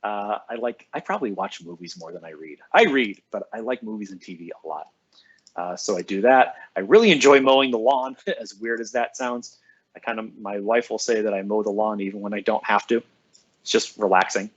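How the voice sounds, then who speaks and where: A man's voice: lowish voice, fairly quick, husky, dull audio. A man who works as a school librarian, chatting casually on a live stream with students. He reads out their names and comments and answers them cheerfully.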